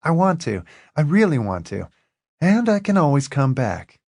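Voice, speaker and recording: A man reading the part of a young woman writer, eager and a little hesitant, in a soft raised voice. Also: on the high side, big pitch swings, moderate pace, gravelly, dry recording, pitched above the performer's own voice, exaggerated voice. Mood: earnest.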